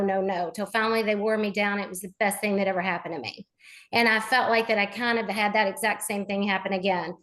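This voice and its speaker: A woman's voice: mid-range voice, a bit bright. A woman on a team video call sharing her story and earnestly encouraging others. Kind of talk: casual motivational talk on a group call.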